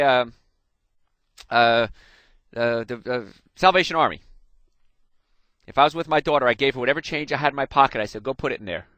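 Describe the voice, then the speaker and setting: Lively, bright-voiced radio host from New Jersey. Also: male voice, on the high side, no echo. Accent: slight New Jersey. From New Jersey, USA. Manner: folksy storytelling, animated, addresses listeners directly. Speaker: radio health show host, chiropractor. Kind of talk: radio health talk. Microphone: studio microphone.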